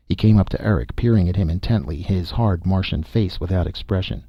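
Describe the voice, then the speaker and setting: A man narrating a science fiction story in a steady, measured reading. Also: low voice, no echo. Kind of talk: audiobook narration. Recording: dull, lo-fi dry recording.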